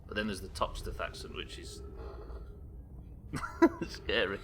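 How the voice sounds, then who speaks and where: A man's voice: lowish voice, fairly even intonation, takes it slowly, noisy background. A young man from the UK streaming a game live, rambling, self-deprecating and swearing casually as he reads his viewers' messages aloud. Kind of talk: live gameplay commentary chatting with viewers.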